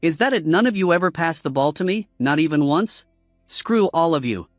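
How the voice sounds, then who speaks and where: A man's voice: on the high side, animated, normal speed, no echo, studio quality, faint music behind, lightly acted. A man voicing Jianu, a hotheaded young footballer. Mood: angry. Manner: angry, shouting insults. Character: hot-tempered young male soccer player.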